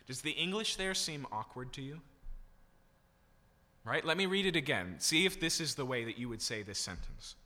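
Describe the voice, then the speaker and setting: A man's voice: medium pitch, lively intonation, moderate pace, bright, forceful tone. A man preaching a sermon as a pastor, teaching through a text and asking the congregation questions. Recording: long hall reverb.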